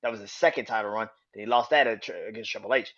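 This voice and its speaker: Profane, excitable man on a podcast. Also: on the low side, fast, dull audio. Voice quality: profane, excitable, laughs often. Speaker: podcast host. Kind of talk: casual wrestling podcast rant.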